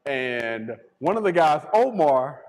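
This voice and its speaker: A man YouTuber telling a story in a casual, animated, slangy way, often repeating his words. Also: on the high side, slow, in a large hall, poor audio.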